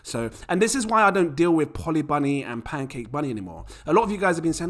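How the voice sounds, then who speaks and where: A lively man talking casually to his viewers, his fairly high voice swinging up and down. He sounds bright and forceful, and he keeps throwing out rhetorical questions. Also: quick pace. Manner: animated, chatty, rhetorical questions. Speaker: crypto YouTuber. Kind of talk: casual to-camera talk.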